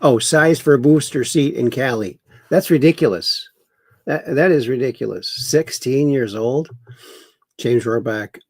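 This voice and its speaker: A man's voice: mid-range voice, a little slow, a little mellow, husky, no echo, studio quality. A man hosting a casual livestream, reading viewer comments aloud and mocking the news with chuckles. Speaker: livestream host.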